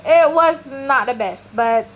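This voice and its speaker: A Jamaican woman vlogging about her travels, telling stories in a chatty, animated way. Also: high voice, slow pace. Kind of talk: casual travel vlog chat.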